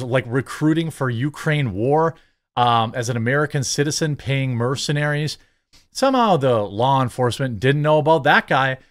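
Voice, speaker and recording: Sarcastic man ranting on politics. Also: mid-range voice. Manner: sarcastic, rambling. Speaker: host. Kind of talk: political commentary.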